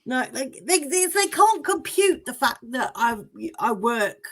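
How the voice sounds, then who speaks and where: A woman guest in a casual chat, expressive and incredulous as she retells encounters. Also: sits high, a little slow. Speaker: guest, podcast co-host.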